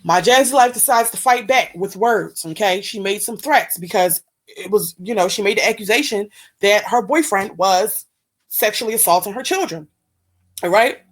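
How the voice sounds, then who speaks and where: A woman's voice: mid-range voice, normal speed. A woman hosting a reaction video, giving casual, emphatic commentary and putting questions to her viewers.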